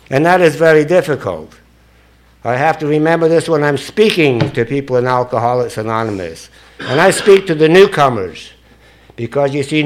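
An older man holding the floor at a meeting, talking straight and salty with plenty of swearing. He is self-mocking and plain-spoken, at a middle pitch, dropping low and quiet, then climbing loud and laughing. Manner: blunt, profane, self-mocking. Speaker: speaker sharing at a recovery meeting. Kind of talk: storytelling speech to an audience.

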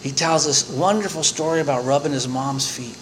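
An older man with a slightly raised pitch tells a personal story at a recovery meeting. He is lively and chuckles often, acting out his own reactions as he goes. A faint room ambience sits under his voice. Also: fairly quick, a little hiss or hum, rough recording. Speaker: speaker sharing at a recovery meeting.

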